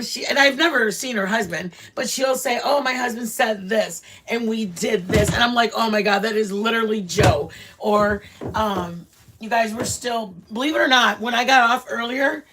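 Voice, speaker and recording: A woman's voice: fairly high pitch, a bit bright, a little hiss or hum. A middle-aged woman hosting a casual livestream chat. She talks bluntly and rambles, with lots of fillers and restarts. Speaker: channel host chatting with live viewers.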